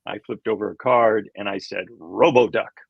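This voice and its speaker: Older man, gravelly husky voice, low pitch, rambling anecdotes, dull lo-fi sound. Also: normal speed, no room sound. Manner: rambling, chuckling, acts out quoted voices. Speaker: animation creator, interview guest. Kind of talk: casual anecdotal storytelling.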